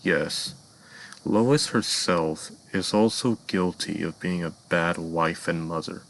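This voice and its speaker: A man narrating a dark fan-made cartoon story in a measured storytelling voice, sometimes addressing the listeners. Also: low voice, rough recording.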